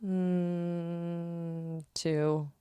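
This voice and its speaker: A woman's voice: fairly low pitch, little pitch movement, drawn-out words, dark tone, clear, resonant tone, dry recording. A woman guest on a podcast, chatting casually in a playful, giggly, jokey way.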